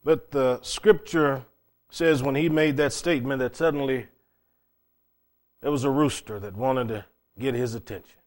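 A man preaching a sermon as pastor, dramatic, swinging between loud declarations and hushed asides, asking the congregation rhetorical questions. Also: mid-range voice, moderate pace, pauses often.

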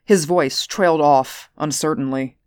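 A woman narrating a story aloud in a measured audiobook reading. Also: deep voice, smooth, no echo, clean studio sound. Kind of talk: audiobook narration of science fiction.

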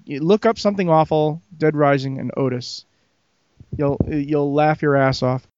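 A man's voice: on the high side, normal speed, darkish tone, clear, resonant tone, no room sound, highs cut off. A man hosting a casual gaming podcast who keeps joking, teasing his co-hosts and laughing. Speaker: podcast host.

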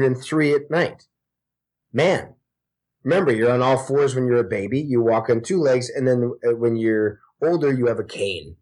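A man in his forties, a guest actor, telling stories in casual podcast chat with a lively, profane manner. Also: medium pitch. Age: 40s. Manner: profane, animated storytelling.

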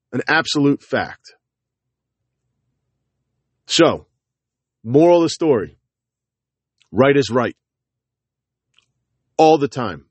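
A man speaking as a parent to his viewers in a heated monologue, blunt and profane, hammering short repeated phrases and dropping into low, gruff asides. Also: dry recording. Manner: alternates forceful jabs with low, gruff asides. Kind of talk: heated direct-to-camera monologue.

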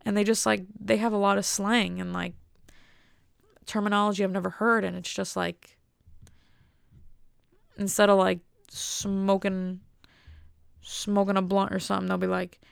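A young American woman chats casually in a rambling, wry monologue. Her voice has a heavy vocal fry over a smooth, clear tone, and her pitch stays fairly flat. The sound is close and dry. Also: moderate pace, pauses often, dry recording. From United States. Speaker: vlogger.

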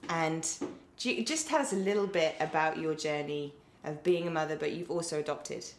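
A woman's voice: low-pitched, moderate pace, a little hiss or hum. A middle-aged English woman hosting a podcast, chatting playfully with a friend, rambling and laughing often. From England. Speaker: podcast host. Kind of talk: casual chat. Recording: echoey room.

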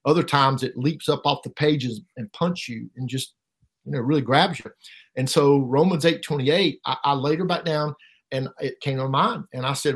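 Halting man telling his story. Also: medium pitch, slightly rough. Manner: halting, repeats words, voice rises sharply when reliving pain. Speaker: interview guest. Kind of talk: emotional personal testimony.

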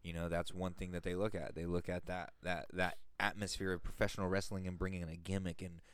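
A man in casual podcast chat, laid-back and profane with drawn-out phrasing. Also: deep voice, level tone, smooth, no room sound.

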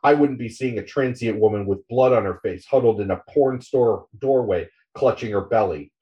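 A man's voice: medium pitch, moderate pace, recorded from a distance, dull audio, close to an everyday voice. A man reading the lines of a bitter, foul-mouthed male journalist in a scathing, profane tirade.

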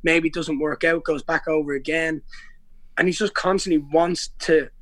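A man's voice: on the high side, steady tone, normal speed, fairly bright tone, no echo. A young Irish man in a casual podcast interview, telling stories in a rambling way with many restarts and slang. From Ireland. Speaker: guest, pro MMA fighter.

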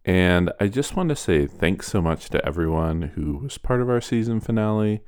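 A man co-hosting a podcast, friendly and relaxed, giving a casual intro and chat. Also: sits low, moderate pace, smooth, dry recording, studio quality. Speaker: podcast co-host.

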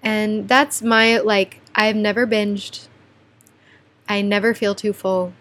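A young woman with a mid-range voice talks candidly to her viewers in a personal vlog. She is chatty and animated, now and then dropping to soft, quiet asides. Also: medium pitch, slow pace. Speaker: vlogger.

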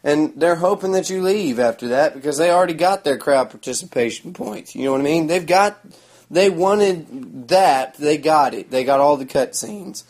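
A man's voice: a little high, lively intonation, moderate pace, darkish tone. A man, telling a rambling story in a sarcastic, crude, mocking way. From Oklahoma. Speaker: vlogger.

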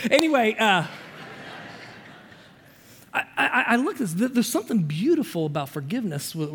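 A man preaching as a pastor, telling a personal story with lively shifts between loud and quiet and acting out the voices in it. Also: fairly high pitch, in a large hall. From Indiana. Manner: animated storyteller, shifting loud and soft, acts out dialogue.

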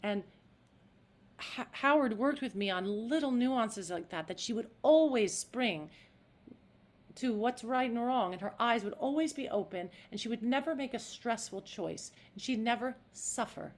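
An actress talking as a podcast guest in an animated, demonstrative way. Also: female voice, a little high, a little slow. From United States. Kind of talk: interview.

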